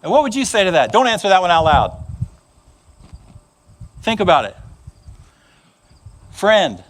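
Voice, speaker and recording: Here a pastor's unhurried, high-sitting voice carries a sermon full of stories. He narrates with animation and acts out the voices of the characters he describes.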